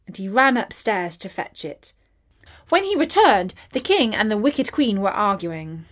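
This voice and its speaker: Slow, expressive woman storyteller. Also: medium pitch. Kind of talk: children's story narration.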